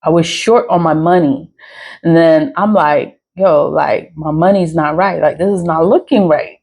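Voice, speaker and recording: A woman's voice: low-pitched, unhurried, darkish tone, slightly rough, poor audio. A woman talking to camera in a casual rambling monologue, frank, swearing freely and laughing often. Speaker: spiritual vlogger.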